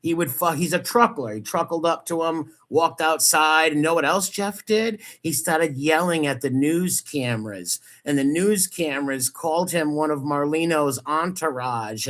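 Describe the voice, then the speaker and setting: Guy ranting over a clip, mocking and cussing a lot, kinda high voice. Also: moderate pace, few pauses, a bit bright. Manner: mocking, profane, scornful. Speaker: commentator reacting to a clip. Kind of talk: angry reaction commentary.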